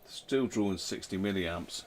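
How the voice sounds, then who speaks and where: Low-voiced man tinkering and musing. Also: a little slow, a little hiss or hum. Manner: thinks aloud, low-key, trailing off with fillers. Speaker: radio repair channel host. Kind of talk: casual chat while repairing, answering viewers.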